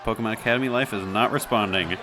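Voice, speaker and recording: A man's voice: on the low side, fast, crowd noise. A man casually commenting while playing a story game. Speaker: let's play gamer.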